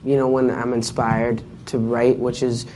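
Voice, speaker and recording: A man being interviewed casually, talking in a relaxed, halting way with lots of fillers. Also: medium pitch, a little hiss or hum. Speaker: interview guest.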